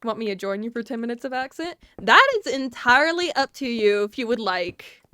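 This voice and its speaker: Woman streamer, higher voice, dry close sound, loose scattered chatter aimed at her chat. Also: lively intonation, a little fast, pushed and bright, smooth, no room sound. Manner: chatty and scattered, laughing often, talking to chat. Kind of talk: casual live-stream chat.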